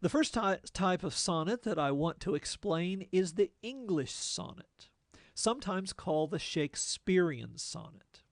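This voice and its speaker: A man teaching a lesson on poetic form in a deliberate, plain-spoken way, with folksy asides. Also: high voice, lively intonation, no room sound, clean studio sound. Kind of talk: lecture explaining poetic form.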